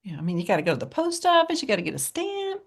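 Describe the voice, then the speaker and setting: A woman's voice: fairly high pitch, huge pitch swings, rapid-fire. A woman from the American South with a Southern accent, co-hosting a podcast in casual chat and laughing often as she tells stories. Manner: chatty storyteller, laughs often. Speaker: podcast co-host.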